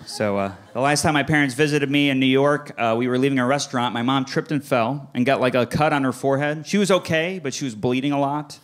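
A man's voice: mid-range voice, fast talker, few pauses. A man doing stand-up comedy on a club stage, telling stories animatedly and slipping into exaggerated voices for family members. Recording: live club recording with audience laughter.

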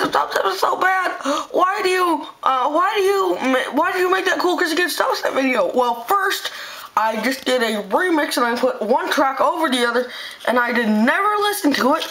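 A woman's voice: high-pitched, fairly bright tone, a little hiss or hum, poor audio. A woman hosting her channel with a comedic rant to camera, stumbling, repeating herself and sounding earnest and indignant. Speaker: channel host.

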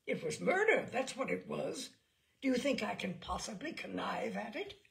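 A woman's voice: lowish voice, animated, moderate pace, gravelly. A woman reading the part of a flustered, pompous older man who is a solicitor. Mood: indignant. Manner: stiff and indignant.

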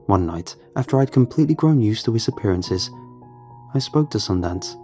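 A man giving a measured, somber scripted horror narration. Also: lowish voice, animated, dark tone, faint music behind.

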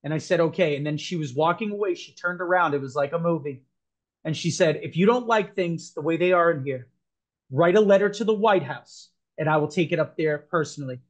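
A man's voice: on the high side, a little fast. A man as a podcast guest, earnestly telling a personal story, rambling with frequent restarts.

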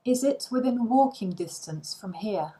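A woman reading short English phrases one at a time for language learners, with pauses between them. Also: mid-range voice, animated, mellow.

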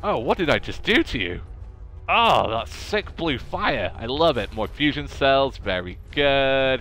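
A man's voice: fairly high pitch, very animated, slow, bright, forceful tone, faint music behind. A man commentating a game playthrough in a chatty, jokey way, talking to the characters on screen. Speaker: gaming YouTuber. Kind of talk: let's play commentary.

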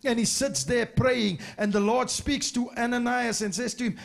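A man's voice: extremely high pitch, steady tone, normal speed, gravelly, hardly any pauses. A man preaching a sermon, retelling stories with emphatic, repeated phrases. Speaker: pastor. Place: church.

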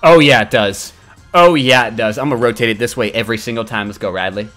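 A young man giving crude, excitable live commentary while he plays a video game, trash-talking and yelling at the screen. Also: medium pitch, fast talker, soft background music. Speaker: gaming streamer.

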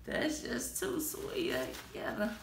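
A woman's voice: on the high side, wildly swooping pitch, slow pace, vocal fry, a little hiss or hum. A young woman, chatting casually in an exclamatory, gushing way. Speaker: vlogger. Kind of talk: casual chat. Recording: echoey room.

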